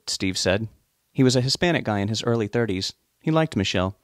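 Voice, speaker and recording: A man narrating a novel in a steady, even audiobook reading. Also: on the low side, brisk, no echo, studio quality.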